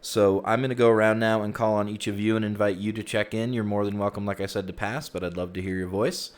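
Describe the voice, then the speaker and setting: A man with a low, deep voice welcomes people into a virtual room, talking in a relaxed, chatty way full of little fillers. The sound is close, as through a headset microphone. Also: fast. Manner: easygoing, chatty, frequent "you know" and "um". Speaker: host of a virtual reality group session. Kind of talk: casual group hosting.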